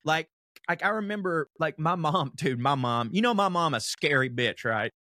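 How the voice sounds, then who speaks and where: A man's voice: fairly high pitch, lively intonation, moderate pace, pushed and bright, no room sound. A young man co-hosting a podcast, chatting casually in a rambling, profane way and laughing often. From American South. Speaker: podcast co-host. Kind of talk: casual chat.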